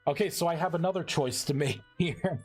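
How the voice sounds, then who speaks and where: A man streaming live as he codes a game mod, thinking aloud in a halting way and often repeating words. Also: on the high side, faint music behind. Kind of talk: live-stream coding commentary.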